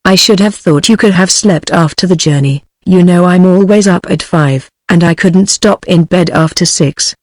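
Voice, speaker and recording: Storybook reading: proud young wife, British woman's synthetic voice, even tone, dry. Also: on the low side, moderate pace, hardly any pauses, no room sound, natural voice. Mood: reserved.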